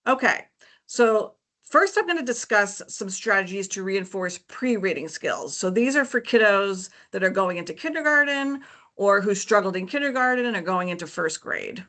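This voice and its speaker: A woman's voice: mid-range voice, expressive, normal speed, a bit bright. A woman educator giving an informative presentation to parents, explaining in a friendly, teacherly way with frequent "um" and "okay, so".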